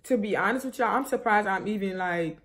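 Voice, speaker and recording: A woman's voice: medium pitch, a little fast, fairly bright tone. Grieving young woman, rambling vlog story. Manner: rambling, restarts often, many fillers; grieving, subdued and shaky. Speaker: vlogger. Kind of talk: emotional personal story to viewers.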